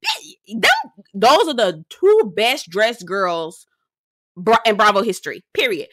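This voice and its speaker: A woman's voice: medium pitch, big pitch swings, a bit bright, a little hiss or hum. A woman hosting a casual reality TV recap, sassy and dramatic, swearing freely and mimicking the cast. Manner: sassy, dramatic, profane, quick mimicry of others.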